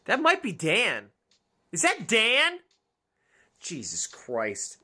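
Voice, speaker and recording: Chatty, lively woman streamer. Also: mid-range voice, slow pace, husky. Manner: chatty, talks to chat, muses aloud. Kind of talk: casual gameplay commentary.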